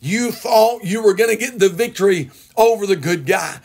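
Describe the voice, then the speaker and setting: A man preaching voices an excited little boy taunting a storybook villain in a sing-song way. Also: high voice, normal speed. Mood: gloating.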